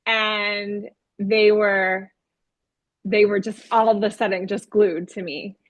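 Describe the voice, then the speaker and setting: Slow-talking woman teacher telling a classroom story. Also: mid-range voice, no room sound. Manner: animated storytelling with laughs and playful acted voices. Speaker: kindergarten teacher. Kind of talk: casual chat recounting a classroom story.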